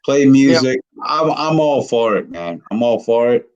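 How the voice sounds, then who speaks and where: A man in his sixties with a gravelly voice, rambling and swearing constantly in casual chat. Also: mid-range voice, expressive, a little slow, muffled recording, over a noisy crowd. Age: 60s. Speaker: video creator on a live call.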